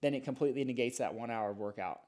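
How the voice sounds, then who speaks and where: A middle-aged man, a chiropractor, explaining and telling stories in a casual podcast interview, talking in a lively, animated way. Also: mid-range voice, racing. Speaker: chiropractor guest.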